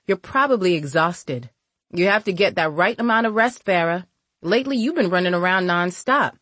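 A warm-hearted grandmother speaks gently and lovingly, voiced by a woman reading aloud. Her pitch rises and falls with lively expression. The recording is dry and close. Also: moderate pace, no room sound. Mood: concerned. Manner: soft, affectionate, calls listener baby. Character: older grandmother, gentle and caring.

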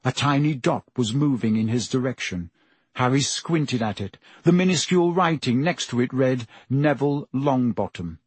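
A man's voice: mid-range voice, normal speed, breathy edge, no room sound. A man reading a novel aloud as an audiobook narrator, telling the story steadily. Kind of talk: scripted narration.

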